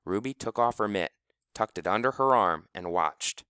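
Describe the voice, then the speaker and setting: A man reading a story aloud as narrator, lively and expressive, acting out characters. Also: lowish voice, normal speed, clean tone, no echo, clean studio sound. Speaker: audiobook narrator. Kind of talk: scripted narration.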